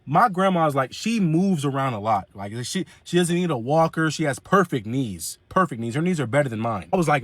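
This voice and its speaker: A man in his twenties telling a story casually, in an animated, profane, slang-heavy way. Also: fairly high pitch, a little fast, few pauses, no room sound. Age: 20s. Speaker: vlogger.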